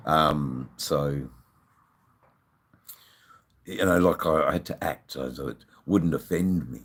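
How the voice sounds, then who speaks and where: A man's voice: low-pitched, slow, pauses often, slight background noise. An Australian man hosting a casual live stream, rambling and swearing freely as he chats with his viewers. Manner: rambling, swears freely, many "you know"s.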